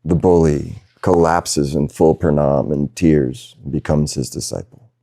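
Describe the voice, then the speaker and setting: A man giving a satsang talk as a spiritual teacher, speaking slowly and reflectively with pauses and soft laughs. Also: rumbling low, fairly even intonation, gravelly, no echo, studio quality. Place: video call session.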